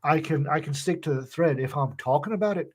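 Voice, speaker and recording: A man's voice: on the high side, fairly quick, darkish tone, breathy edge. A man co-hosting a casual chat, rambling with dry asides. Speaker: podcast co-host.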